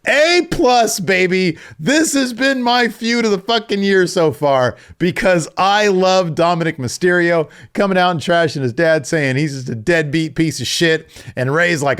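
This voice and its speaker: A man hosting a wrestling podcast, excitable and profane, grading matches in casual talk and mocking wrestlers in put-on voices. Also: fairly high pitch, measured pace, hardly any pauses, smooth.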